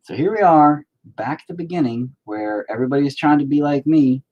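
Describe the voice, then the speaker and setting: A man's voice: a little high, lively intonation, brisk, dull audio. A man in his forties chatting casually on a live stream, rambling, profane and sarcastic. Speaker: live-stream host and musician.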